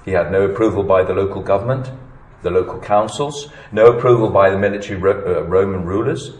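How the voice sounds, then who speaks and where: A male preacher. His voice sits a little low, and he drops to near-whispers before rising to emphatic peaks. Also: fairly quick, reverberant, low-quality recording. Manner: animated preaching, swinging between hushed and emphatic. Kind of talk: sermon.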